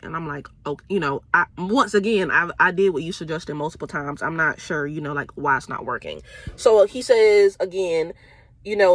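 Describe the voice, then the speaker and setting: A woman's voice: lowish voice, lively intonation, fairly quick, no room sound. A young woman truck driver, telling a story casually and animatedly, often laughing and quoting others.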